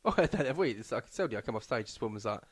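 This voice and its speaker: A man's voice: medium pitch, big pitch swings, racing, slightly rough, dry recording. A man co-hosting a casual comedy podcast, chiming in with brief, dry remarks. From England. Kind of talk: casual chat.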